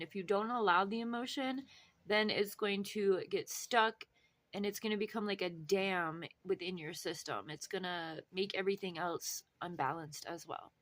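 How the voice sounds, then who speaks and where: A woman's voice: fairly low pitch, fairly bright tone, dry recording. A woman hosting a casual spiritual show on chakras, reading from a book and often checking in with her listeners. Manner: chatty, encouraging, checks in with "all right?".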